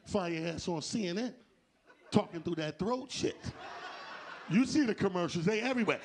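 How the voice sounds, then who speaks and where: A man's voice: sits high, normal speed, long pauses, a little hiss or hum. A man doing a stand-up comedy set on a club stage, acting out conversations in shifting voices. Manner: animated, acts out dialogue in shifting voices.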